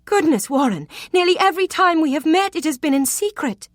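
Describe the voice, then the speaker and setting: A coquettish young lady of the Regency era teases with arch playfulness, as a woman reads her. The voice sits at a middling pitch and sounds dry and close, with no room around it. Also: big pitch swings, moderate pace, no echo. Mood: teasing.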